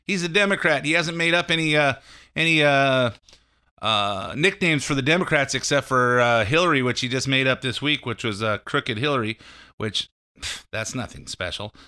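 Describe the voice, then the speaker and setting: A man hosts a call-in radio show with a bright, crisp and clear voice. He talks off the cuff about politics, rambling with frequent fillers and restarts. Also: medium pitch, moderate pace. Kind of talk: casual political commentary.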